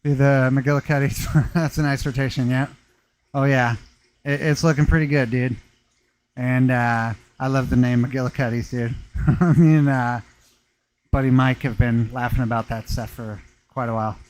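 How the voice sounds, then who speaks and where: A man's voice: medium pitch, fairly even intonation, normal speed, darkish tone, rough recording. Man, laid-back, slangy, casual live chat, workshop, laughs often. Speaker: workshop vlogger talking to live viewers. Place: stone-working workshop.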